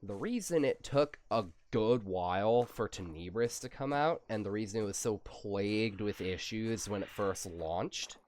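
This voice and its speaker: Slow, low-voiced gamer with a stuffy nose. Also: male voice. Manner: rambling, relaxed, drawn-out. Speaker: gaming channel host. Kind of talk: casual gameplay commentary.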